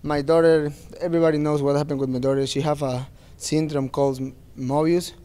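A man's voice: a little high, little pitch movement, a little fast, mellow, clear, resonant tone. A man speaking as a fighter at a post-fight press interview, earnest and plain-spoken, with non-native phrasing.

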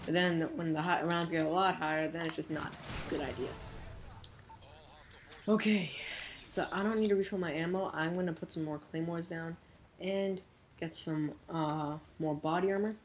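A woman giving live gameplay commentary, excitable and jumpy, breaking into quick exclamations and goofy minced oaths. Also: deep voice, a little hiss or hum. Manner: self-censoring, silly minced oaths.

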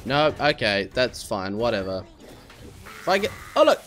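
Man, let's play commentary, excitable, swooping pitch, high squeals when surprised. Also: normal speed, slight background noise. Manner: talks to himself and the viewers, frustrated and puzzled. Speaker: gaming channel host.

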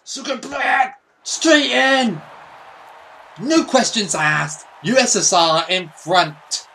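A man giving casual, excitable, sweary commentary over his own football gameplay. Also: sits high, takes it slowly, gravelly, slight background noise. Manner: excitable, sweary, mock-patriotic. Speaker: gaming YouTuber.

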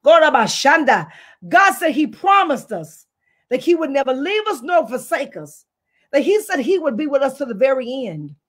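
A woman's voice: sits high, big pitch swings, moderate pace. A woman pastor preaching a fervent online sermon full of repeated declarations, tearful and near crying at times. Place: online service, speaking to a screen.

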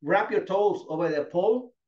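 Male instructor, encouraging, cueing each move, slightly high voice, roomy dull sound. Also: expressive, moderate pace, darkish tone. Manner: encouraging, calls students by name. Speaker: fitness instructor. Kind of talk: live class instruction. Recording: echoey, dull lo-fi room sound.

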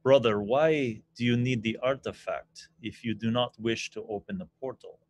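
A man voicing a solemn duke who speaks in a measured, formal way. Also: medium pitch, a little mellow, natural voice.

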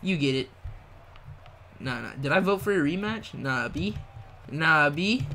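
A young man's bright, fairly high voice carries a slangy, easygoing live-stream chat as he reads viewer messages aloud and laughs along. A faint hiss of background noise sits under the desk mic. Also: animated, measured pace, long pauses. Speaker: gaming livestreamer.

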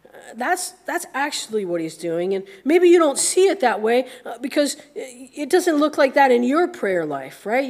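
A woman's voice: fairly high pitch, a little mellow. An American woman pastor giving a conversational sermon, acting out the voices of people in the story now and then. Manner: conversational, acts out grumbling voices.

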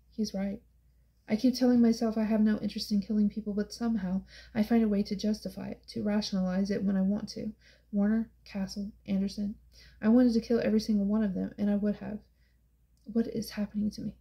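Dark-toned, gravelly woman narrator. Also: mid-range voice, flat delivery, brisk, low-quality recording. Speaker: audiobook narrator. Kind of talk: first-person audiobook narration.

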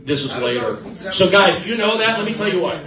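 A male stand-up comedian doing loud, pushy crowd work on a club stage. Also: high voice, expressive, a little fast. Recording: roomy club sound from a distance.

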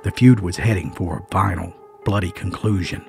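A man's voice: deep voice, normal speed, gravelly, darkish tone. A man narrating a dramatic mountain feud story, building suspense with folksy, emphatic asides. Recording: faint music underneath.

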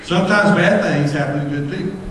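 High-voiced pastor in echoey hall. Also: male voice, a little fast, a little hiss or hum. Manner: impassioned, shouting at peaks, folksy storytelling. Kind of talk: sermon. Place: church sanctuary. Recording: echoey church hall from far off.

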